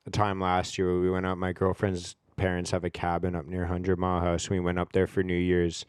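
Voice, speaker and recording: A young man hosts a casual podcast interview, asking questions in a chatty, rambling way. His voice is low and smooth. The sound is dry and close, with no room around it. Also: completely flat delivery, a little fast, dry recording. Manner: chatty, heavy use of "like". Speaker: podcast host.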